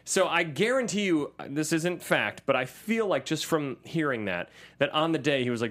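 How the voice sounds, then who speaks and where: Male podcast host, casual movie talk, animated and jokey, acts out quotes, a bit high. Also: normal speed, few pauses. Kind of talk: casual chat about a movie.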